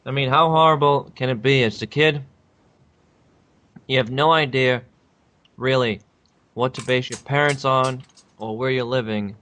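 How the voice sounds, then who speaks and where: A man's voice: medium pitch, fairly even intonation, measured pace, long pauses, bright, forceful tone. A man with a Boston accent talking on a casual podcast, blunt and crude. He mocks his friend by mimicking his pronunciation, swearing as he goes. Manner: mocking, crude, mimics the other's speech.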